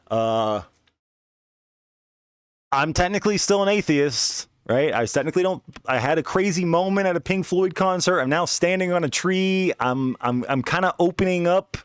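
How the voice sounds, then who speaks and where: A young man hosting a podcast tells a wild personal story in a casual monologue, rambling, swearing and restarting often. His voice is fairly high-pitched with a clean tone, and the studio-quality recording has no echo.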